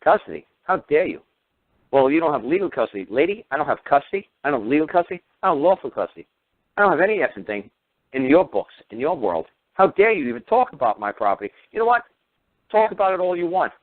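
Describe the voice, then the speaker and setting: A man's voice: a little high, sing-song, quick pace, no echo. A man holds forth on a talk radio show, sarcastic and crude. His dry voice comes through narrow and phone-like, with no room sound around it. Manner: combative, mocking, crude. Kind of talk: ranting radio lecture. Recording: tinny phone-line radio audio.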